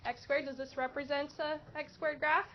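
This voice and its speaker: A woman teaching a high school math class, asking questions and encouraging students. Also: level tone, moderate pace. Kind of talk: classroom lesson. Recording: dull lo-fi classroom recording with faint noise.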